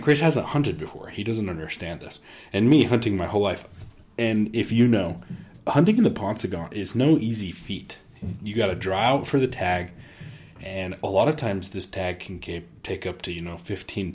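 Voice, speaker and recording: A man co-hosting a podcast, telling hunting stories in casual chat and acting out quotes with an animated, delivery. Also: fairly low pitch. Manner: animated storyteller, acts out quotes. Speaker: podcast co-host.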